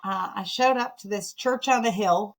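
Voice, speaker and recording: A woman from Michigan, a podcast guest, telling her story in a casual, animated, self-deprecating way with frequent laughter. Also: mid-range voice, normal speed, creaky, low-quality recording. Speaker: podcast guest, nonprofit founder.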